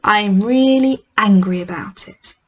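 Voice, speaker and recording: A woman's voice: medium pitch, unhurried, close to an everyday voice. A woman doing a sulky, grumbling prophet. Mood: sulking. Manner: complaining, self-pitying.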